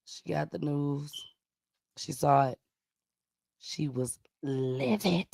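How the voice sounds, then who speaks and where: A woman's voice: deep voice, slow, vocal fry, long pauses, warm tone, dry recording, clean studio sound. A woman hosting a live stream, giving casual, slangy commentary on news clips and talking directly to her audience.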